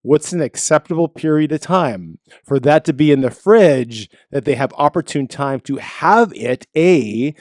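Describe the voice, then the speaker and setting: Casting: middle-aged Canadian podcast co-host, animated and playful, lively pitch swings, dry close mic. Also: male voice, measured pace, few pauses, no room sound. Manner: animated, laughs often, jumps to high exclamations. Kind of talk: casual chat. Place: home basement.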